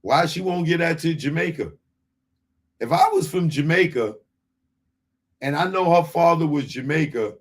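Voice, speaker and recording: A man's voice: a little high, animated, normal speed, pauses often, breathy edge. A male comedian hosting a live comedy show, talking in an exasperated way and repeating his points. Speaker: comedian host.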